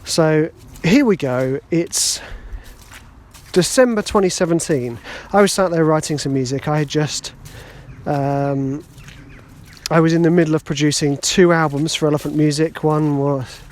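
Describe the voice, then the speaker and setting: A man's voice: fairly high pitch, a little slow, a little mellow. A man hosting a podcast, telling a story in a rambling, chatty, self-deprecating way. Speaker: podcast host. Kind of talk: casual podcast monologue.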